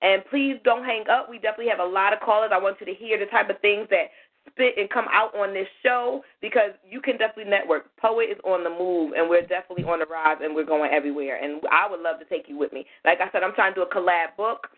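Woman, radio show host, chatty, lively, slightly hoarse, tinny phone-line sound. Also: mid-range voice, quick pace. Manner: lively, chatty, thanking callers warmly. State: losing her voice a little. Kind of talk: call-in radio talk.

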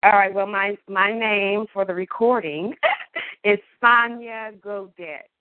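A woman caller performing emphatic, playful spoken word on a call-in show, with deliberate delivery and wordplay. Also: medium pitch, no echo. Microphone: phone. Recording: tinny phone line.

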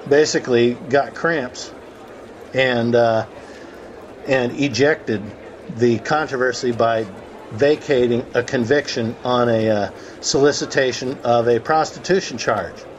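A man's voice: medium pitch, lo-fi sound, a little hiss or hum. A man hosting a conference call, telling a courtroom story in a conversational way and acting out the quotes. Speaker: host of a call about the law.

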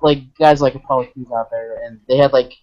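Male podcast co-host, steady explainer, lo-fi audio. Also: medium pitch. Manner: measured, adds points, many fillers. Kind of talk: casual chat. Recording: muffled lo-fi audio.

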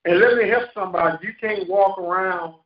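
A male pastor preaching a sermon with call-and-response, laughing at times and rising into shouts. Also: high-pitched, brisk. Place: church sanctuary. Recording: echoey church hall, lo-fi. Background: congregation responding.

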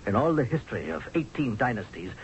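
A man's voice: medium pitch, very animated, fast talker, a little hiss or hum, close to an everyday voice. A man playing a blunt, sardonic army general. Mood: scornful. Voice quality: sardonic, forceful, pleading. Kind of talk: 1970s radio drama acting. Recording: dull lo-fi old radio broadcast.

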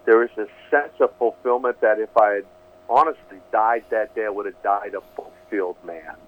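A man's voice: lowish voice, fairly even intonation, normal speed. An earnest man recounts his testimony as an interview guest, circling back and repeating words as he finds his thread. He sounds thin and tinny, like he is calling in on a phone line. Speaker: guest, preacher. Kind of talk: storytelling testimony.

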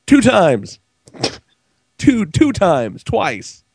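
Male podcast host who sounds under the weather, gravelly, lively pitch, profane and fed up. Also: drawn-out words, no echo. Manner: profane, exasperated storytelling. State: sick-sounding. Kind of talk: casual chat.

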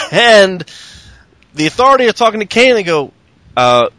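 A man co-hosting a casual chat, lively and profane, acting out other people's lines in put-on voices. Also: sits high, moderate pace, pauses often, dry recording. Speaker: podcast co-host recapping wrestling.

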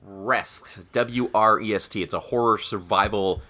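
Man, podcast co-host, low bright animated voice. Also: a little slow. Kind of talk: casual chat.

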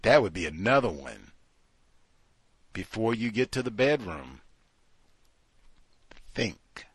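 A man hosting a talk show in a loose, conversational way, sometimes acting out other people's voices. His voice is husky with a bright edge, and his pitch swings widely. The sound is dry and close. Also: takes it slowly, dry recording. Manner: animated, acts out quoted voices. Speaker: podcast host. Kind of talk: casual commentary.

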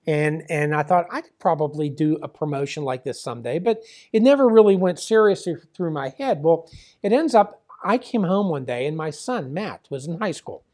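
A man's voice: on the high side, a little mellow. Chatty older man telling a long story. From Pittsburgh area. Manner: chatty, many fillers, acts out quoted dialogue. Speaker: guest, former wrestling promoter. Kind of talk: rambling storytelling.

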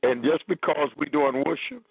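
Gravelly preacher on a phone line. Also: male voice, fairly high pitch, normal speed, no room sound, soft background music. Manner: preaching, reading scripture aloud. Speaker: minister.

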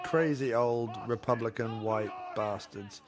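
Man, podcast co-host, casual movie commentary, mocking humor, mid-pitched voice. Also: a little slow, faint music behind. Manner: mocking, joking, slips into silly impressions.

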